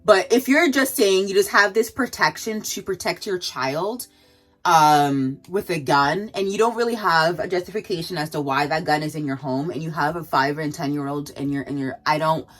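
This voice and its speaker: A woman venting in a vlog while doing her makeup, firing off rhetorical questions with sharp jumps in pitch. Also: moderate pace, faint music behind. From Canada. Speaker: vlogger.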